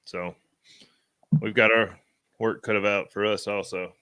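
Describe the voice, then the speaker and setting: A lower-voiced man in his thirties spins an animated story in casual podcast chat. His voice has a bright, forceful edge, and it is recorded close and dry. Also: unhurried, smooth, no room sound. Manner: animated storyteller, rural Southern slang. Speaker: podcast co-host.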